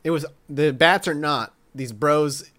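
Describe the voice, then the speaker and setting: A man's voice: on the high side, measured pace, fairly bright tone. A man hosting a podcast, reading a story aloud with jokey asides in casual chat. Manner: jokey, reads quotes with asides. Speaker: podcast host.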